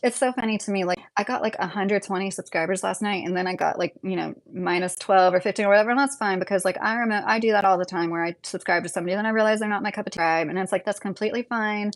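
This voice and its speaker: A woman's voice: mid-range voice, fast, hardly any pauses. A woman in her late thirties hosting a live stream, talking casually and bluntly as she answers her chat. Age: 30s. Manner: opinionated, blunt, talks straight to commenters. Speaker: livestream host reading chat.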